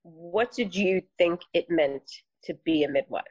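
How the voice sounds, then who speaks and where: A young woman, a midwife co-hosting a podcast, telling relaxed anecdotes about being recognized. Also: on the low side, measured pace, husky, dry recording, highs cut off. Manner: relaxed, anecdotal, acts out quotes. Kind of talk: casual storytelling.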